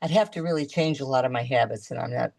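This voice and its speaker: Low-voiced woman chatting on a call. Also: gravelly, a little mellow. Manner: chatty, halting with frequent restarts. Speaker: guest. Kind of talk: casual chat.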